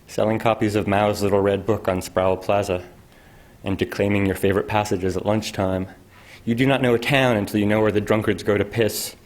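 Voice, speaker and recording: A man, a poet, reading his own poems at a university event with a dry, wry delivery. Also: lowish voice. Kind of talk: poetry reading.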